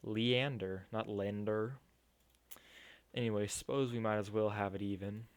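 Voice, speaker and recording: A man voicing a gruff, burly male captor on a mountain, speaking in a slow, low, menacing drawl. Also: flat delivery, a little mellow, lightly acted.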